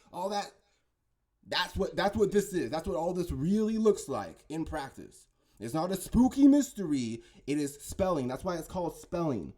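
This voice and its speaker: The speaker, a conspiracy commentator, has a dark tone and a voice on the high side. His talk is a casual, wandering monologue full of stumbles, delivered insistently with repeated "right?" and "okay?".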